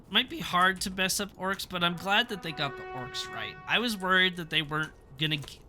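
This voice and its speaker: A young man chatting casually on a live stream, reviewing a TV episode in a rambling, laughing way. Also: a little high. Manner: rambling, self-interrupting, laughs often.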